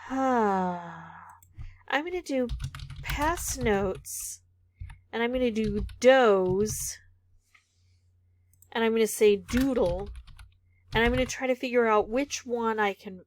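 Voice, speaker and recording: A woman's voice: fairly high pitch, slow, pauses often, no room sound. A woman vlogger thinking aloud as she solves a word puzzle, muttering candidate words, some half-whispered, and second-guessing herself.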